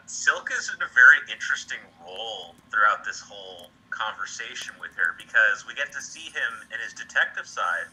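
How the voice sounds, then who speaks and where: A man's voice: fairly low pitch, bright, forceful tone, rough recording. A man in a casual book chat, analyzing a character thoughtfully with hesitant phrasing. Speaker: podcast co-host.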